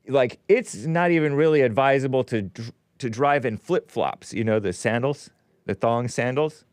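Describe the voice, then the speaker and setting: A man's voice: medium pitch, moderate pace, dry recording, clean studio sound. A man hosting his own show, reading a news story aloud and breaking in with sarcastic asides. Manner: sarcastic asides, animated ups and downs. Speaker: host.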